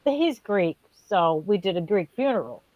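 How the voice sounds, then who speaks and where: A woman's voice: medium pitch, normal speed, muffled recording. A woman co-hosting a casual chat, telling a funny story with lots of swearing and acted-out voices. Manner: animated storyteller, swears freely, acts out voices. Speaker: co-host.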